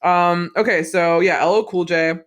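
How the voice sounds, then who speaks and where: A man's voice: high-pitched, fairly even intonation, normal speed, a bit bright. A man co-hosting a podcast, reviewing a film in loose, casual chat, swearing freely and acting out scenes. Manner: loose and chatty, swears freely, acts out quotes. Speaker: podcast co-host.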